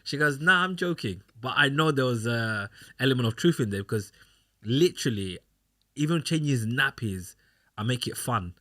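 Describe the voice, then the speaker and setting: A man's voice: mid-range voice, animated, moderate pace, a bit bright. A young man co-hosting a casual podcast chat, rambling through anecdotes and acting out what others said. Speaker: podcast co-host.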